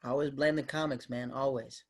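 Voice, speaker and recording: Man, comedian guest, casual stories, lively, mid-pitched voice. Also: brisk. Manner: animated, acts out other people's voices. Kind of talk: casual storytelling in a podcast interview.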